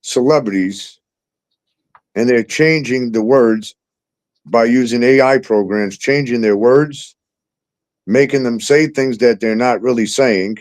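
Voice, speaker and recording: A man hosting a casual talk show, animated and profane, laughing often and acting out exchanges as he tells stories. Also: medium pitch. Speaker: show host. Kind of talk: casual podcast chat.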